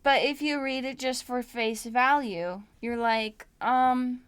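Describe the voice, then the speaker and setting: A woman's voice: on the high side, slow pace, few pauses, a bit bright, clean tone, dry recording. A young woman hosting a podcast, reading scripture aloud and breaking off with wry, joking asides. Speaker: podcast host. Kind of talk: casual Bible study podcast, reading and commenting.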